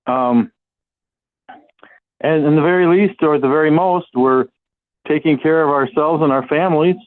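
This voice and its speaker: A man's voice: fairly high pitch, normal speed. A man with a Midwestern American accent hosting a podcast, talking earnestly and encouragingly with frequent fillers and restarts. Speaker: podcast host. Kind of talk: casual solo podcast talk. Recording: tinny phone-like audio.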